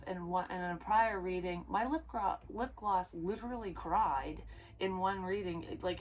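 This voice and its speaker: A woman's voice: on the low side, a little hiss or hum. A woman giving a casual tarot reading, rambling and blunt, swearing freely as she goes. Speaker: psychic tarot reader.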